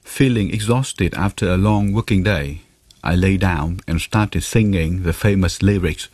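A man giving a translated voice-over of an interview, in a measured, plain reading. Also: sits low, darkish tone, breathy edge, no room sound.

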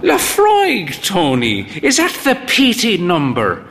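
A man's voice: wildly swooping pitch, fairly bright tone, full character voice. A man voicing a proud, frail old woman with an airy, long-suffering, theatrical manner. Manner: airy, long-suffering, drawn-out high tones.

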